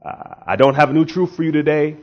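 A man whose voice runs somewhat high, steady and a little mellow, preaches at a quick pace as a pastor. His conversational tone climbs into emphatic bursts as he prays and reads scripture in a sermon recorded with dull, lo-fi sound.

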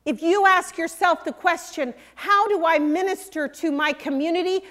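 An older woman preaching a sermon, earnest and emphatic, sometimes dropping to a hush. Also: very high voice, normal speed, few pauses. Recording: long hall reverb.

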